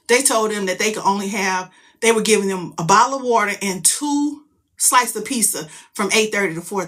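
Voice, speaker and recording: A middle-aged woman tells a story about her daughter in a loud, profane, emphatic, animated way. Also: medium pitch. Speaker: mother telling a story. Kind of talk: casual storytelling vlog.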